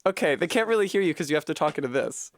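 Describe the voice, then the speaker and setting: A man's voice: on the high side, lively intonation, rapid-fire. A man live-streaming from a room at home, chatting casually with his viewers, laughing often and swearing freely. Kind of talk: casual live-stream chat while gaming.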